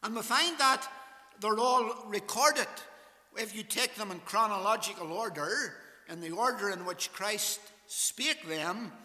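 A man preaching a sermon in a measured way, quoting scripture in King James wording. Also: high-pitched, sharp tone, long reverb tail. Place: church.

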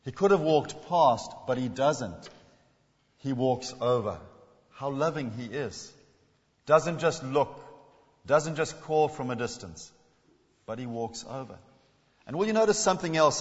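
A man preaching a sermon as a visiting speaker, shifting between emphatic points and hushed, slowed quotations. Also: on the high side. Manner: dramatic, drops to a hush when quoting. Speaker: guest preacher. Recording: dull sound with long hall reverb.

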